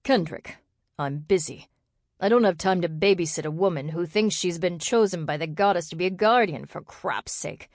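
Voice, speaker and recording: A woman voicing an irritable, gruff male bear shifter who snarls his lines in exasperation. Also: high-pitched, normal speed, no room sound, clean studio sound. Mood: exasperated.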